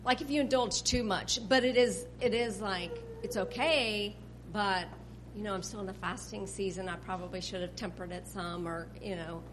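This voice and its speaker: Halting woman with background noise. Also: mid-range voice, steady tone, low-quality recording. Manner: halting, filler-heavy. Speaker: parishioner asking a question. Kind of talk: casual question.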